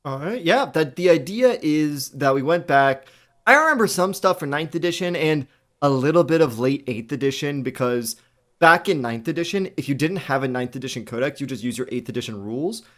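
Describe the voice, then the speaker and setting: A man co-hosting a podcast in loose, playful conversation. His voice sits somewhat high for a man, and he talks with animated energy and quick restarts. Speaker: podcast co-host. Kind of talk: casual chat.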